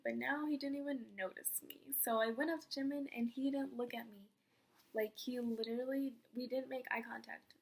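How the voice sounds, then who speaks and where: A young woman softly telling a personal story in a casual vlog, often dropping to a near whisper. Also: a little high. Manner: soft-spoken, drifts into whispers. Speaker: fan vlogger.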